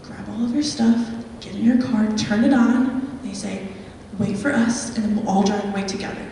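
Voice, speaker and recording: A woman's voice: mid-range voice, fairly even intonation, moderate pace, warm tone, distant mic. Young woman, live talk, echoey meeting hall, faint background noise. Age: young adult. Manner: chatty storytelling with many ums. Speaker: guest speaker. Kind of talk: live talk with audience questions.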